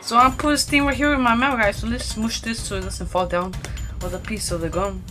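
A woman's voice: on the high side, steady tone, fairly quick, over music. Rambling casual vlogger woman. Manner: rambling, says guys and bro constantly. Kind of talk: casual DIY food vlog.

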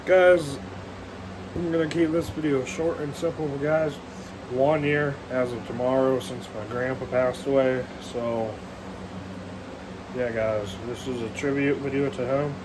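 A young man in his late teens with a hoarse voice, still getting over a cold, talking casually to his vlog viewers and calling them "guys" again and again. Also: medium pitch, steady tone, measured pace, noisy background. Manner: keeps addressing viewers as "guys". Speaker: vlogger. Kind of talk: casual vlog talk to camera.

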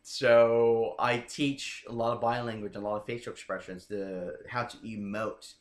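A man's voice: mid-range voice, steady tone, moderate pace. A man who coaches dating, talking casually as an interview guest and checking in with the listener as he explains. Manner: chatty, keeps checking in with "right?". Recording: roomy echoing room.

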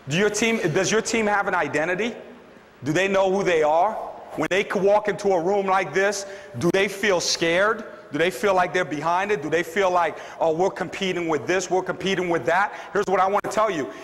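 A man's voice: high-pitched, fairly bright tone. A man giving a fired-up, preachy motivational speech to a room full of people, repeating his lines for emphasis. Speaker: motivational speaker. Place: large meeting room with audience. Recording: reverberant hall.

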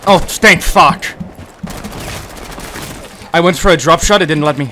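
Young man making rapid game callouts. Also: a little high. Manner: quick tactical callouts, bursts of chanted shouting. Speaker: gamer streamer. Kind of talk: casual gaming callouts. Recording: faint background noise.

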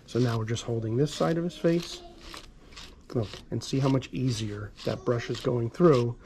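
A man's voice: medium pitch, normal speed, low-quality recording. A man working as a dog groomer, chatting casually to viewers through a grooming tutorial, recorded on a camera mic in a grooming salon. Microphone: GoPro camera mic. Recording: loud electric clipper hum behind. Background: electric clippers buzzing.

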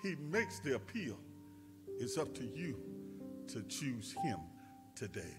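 A male pastor preaching a sermon with fervent delivery that rises to shouts. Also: medium pitch, sing-song, takes it slowly, pauses often, over loud music.

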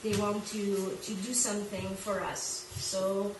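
A woman's voice: mid-range voice, flat delivery, takes it slowly. A woman from Quebec with a French Canadian accent and French as her first language, giving an informal presentation and sometimes searching for English words. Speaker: guest presenter. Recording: echoey room from far off, background noise.

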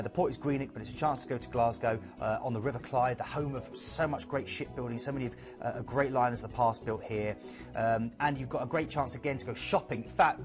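A man presenting cruise destinations on a live TV sales show, rambling enthusiastically. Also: mid-range voice. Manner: enthusiastic, rambling travel descriptions.

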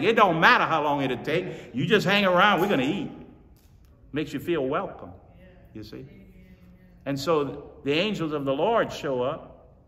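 A man's voice: on the high side, bright, forceful tone. A male pastor preaching a folksy, storytelling sermon full of emphatic repetition to his congregation. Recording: reverberant hall.

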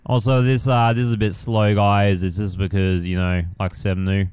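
A young man talks through a video game in loose, casual commentary. He rambles, trails off and swears lightly, filling gaps with ums and likes. His voice sits lowish and sounds very smooth and clear. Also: level tone, normal speed, darkish tone, no room sound. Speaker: gaming channel host. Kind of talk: casual let's-play commentary.

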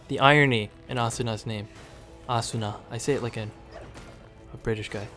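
A man keeps up easy running commentary as he plays, his voice sitting at an ordinary middle pitch. He chats to the screen and cheers the little figures on, now and then breaking into a sudden excited shout. Soft game music plays faintly underneath. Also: fairly quick. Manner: chatty, talks to the game units, sudden excited outbursts. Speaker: gaming video creator. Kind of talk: casual gameplay commentary.

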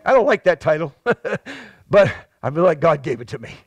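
A male pastor with a New England accent preaching a fervent sermon, stacking repeated words and swelling into shouts. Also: big pitch swings, normal speed, slightly rough, no echo. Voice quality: high-pitched and impassioned, repeating words as he builds.

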